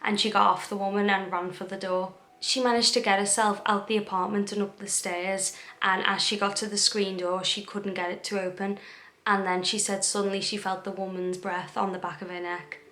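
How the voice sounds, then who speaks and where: Young woman vlogger, casual storytelling, monotone delivery, roomy echo. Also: mid-range voice, fairly quick. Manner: chatty retelling with quoted dialogue and fillers. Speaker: true crime vlogger. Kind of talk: casual true crime storytelling. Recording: echoey room.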